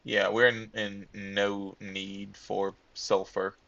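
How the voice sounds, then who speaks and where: A man's voice: fairly low pitch, flat delivery, slow pace, vocal fry, sharp tone, no echo, highs cut off. A man casually commenting on his gameplay, thinking aloud and muttering to himself as he plays. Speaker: let's-play gamer.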